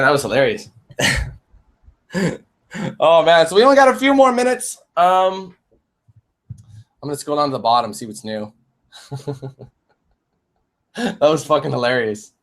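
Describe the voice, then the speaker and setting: A man in his twenties chatting on a live-streamed Q&A, animated, swearing and laughing often. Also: on the high side. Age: 20s. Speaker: YouTube gamer and streamer.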